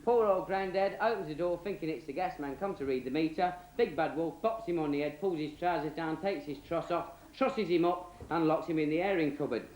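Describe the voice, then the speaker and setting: A man's voice: a little high, fairly quick, hardly any pauses, a little mellow. A man with a Cockney accent telling a bawdy comic story in a rambling, cheeky, slangy way. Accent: London Cockney. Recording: roomy echo, faint hiss.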